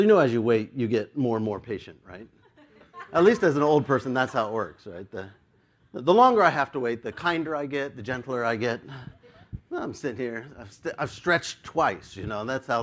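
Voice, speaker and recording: A male pastor telling a story in his sermon, animated and self-mocking and often laughing. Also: mid-range voice.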